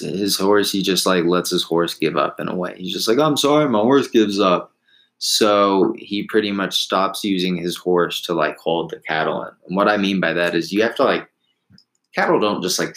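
A man's voice: low-pitched, fairly bright tone, poor audio. A man casually telling a long story, rambling with restarts and laughing at himself.

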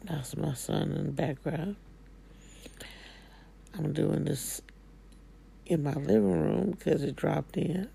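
Slow gravelly woman, casual spiritual talk. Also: low-pitched, warm tone, slight background noise. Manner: folksy, drawling, slangy Southern-style speech. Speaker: spiritual coach. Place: living room at home.

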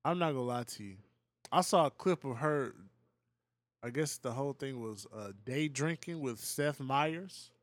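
A man's voice: medium pitch, moderate pace, dry recording. A man co-hosting a podcast, chatting in laid-back, profane, joking banter. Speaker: podcast co-host. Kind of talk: casual chat.

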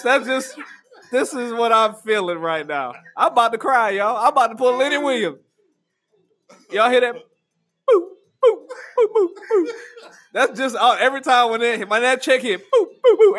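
A man hosting a casual comedic chat, telling animated stories and laughing often. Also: high-pitched.

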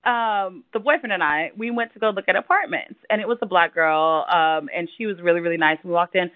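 A woman co-hosting a casual chat, telling animated stories and acting out quotes in high voices. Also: brisk, no echo. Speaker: podcast co-host. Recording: tinny phone-like remote line.

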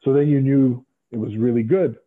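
A middle-aged man telling stories as an interview guest, animated and acting out other people's lines. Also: medium pitch, moderate pace. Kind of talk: casual storytelling interview. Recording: tinny phone-like line.

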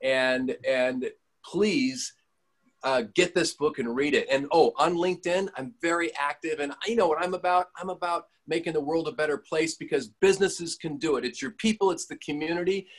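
A man's voice: a little high, moderate pace. A man appearing as a podcast guest, grateful and heartfelt in his parting words. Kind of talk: casual interview chat.

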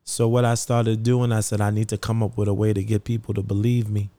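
A middle-aged man tells his story in an interview, his voice low and mellow. He talks earnestly, repeats phrases for emphasis, and acts out the voices of people he quotes. The sound is close and dry. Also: flat delivery, brisk, no room sound. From Brooklyn, New York. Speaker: founder of a sneaker charity.

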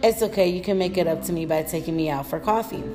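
A woman's voice: fairly low pitch, quick pace, warm tone, soft background music, close to an everyday voice. A woman voicing a bubbly, teasing young female roommate in a read-aloud story. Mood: cheerful.

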